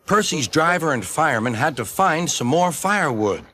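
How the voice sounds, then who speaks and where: Brief: male storybook narrator, slightly raised pitch, lively lilt, soft music under. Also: moderate pace.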